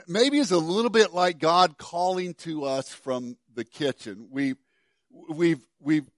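A middle-aged pastor preaching a sermon, telling a story with many stammered restarts and dropping to soft, quiet passages. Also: male voice, a little high, no echo, clean studio sound.

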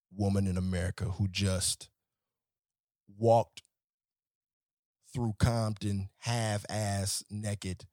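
A man who works as a nightlife promoter delivers an animated, exasperated and profane comedic rant. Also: fairly low pitch, no room sound, clean studio sound.

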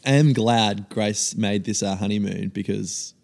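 A man's voice: fairly low pitch, unhurried, vocal fry, a little mellow. A young man with an Australian accent chatting casually as a podcast guest in a studio, easygoing and brief in his answers. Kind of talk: casual chat.

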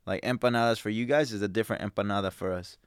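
A man's voice: lowish voice, very fast, clear, resonant tone, no echo, studio quality. A man co-hosting a podcast, chatting casually and full of slang, often saying "bro" and "like". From Los Angeles. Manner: slangy, says "bro" and "like" constantly. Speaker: podcast co-host. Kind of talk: casual chat.

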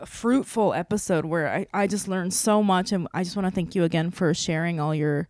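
A woman's voice: on the low side, normal speed, darkish tone, no echo, clean studio sound. A woman co-hosting a podcast in casual chat, heartfelt and chatty with lots of "like". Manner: chatty, heartfelt, many "like" fillers. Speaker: podcast co-host.

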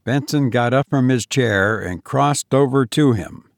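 Slow, gravelly male narrator. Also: medium pitch, animated, no echo, studio quality. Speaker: audiobook reader. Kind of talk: scripted narration.

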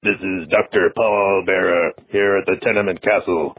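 A man doing an impression of an old male horror host, drawling slowly and chuckling, heard through a tinny voicemail phone line. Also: sits low, fairly even intonation, breathy edge, pitched below the performer's own voice. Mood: ghoulish, playful.

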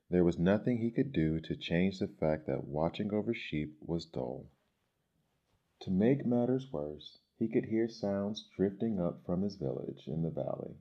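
A man reading fables aloud in a measured, expressive storybook style. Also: low-pitched, dull audio.

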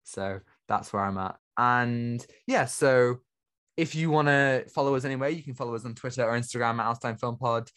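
A man's voice: medium pitch, fairly quick, fairly bright tone. A man co-hosting a film podcast in casual chat, teasing his partner and laughing often. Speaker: podcast co-host.

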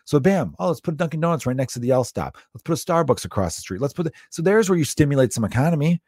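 A man hosting a casual solo talk show, ranting and swearing freely, his voice jumping up high when he is incredulous. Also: rapid-fire, no room sound, clean studio sound. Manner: animated, swears often, pitch jumps up in disbelief.

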